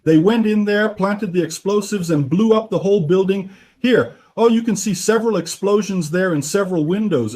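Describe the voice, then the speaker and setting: A man giving dubbed news commentary in a conversational, emphatic way, often tagging his points with "right?" and "okay?". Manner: emphatic, often jumps up in pitch and loudness. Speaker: political commentator.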